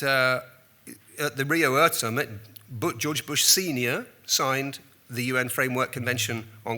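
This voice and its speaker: Older guy in his 60s, bright forceful voice, rambling self-deprecating conference talk, lots of restarts. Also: medium pitch. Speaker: keynote speaker, journalist. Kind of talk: conference talk, anecdotal storytelling.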